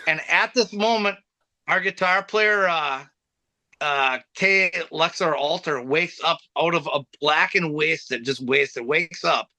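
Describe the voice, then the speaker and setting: A man's voice: on the high side, takes it slowly, sharp tone, no room sound. A man guesting on an interview, telling rambling road stories with easy laughter. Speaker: band vocalist, guest. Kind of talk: casual storytelling.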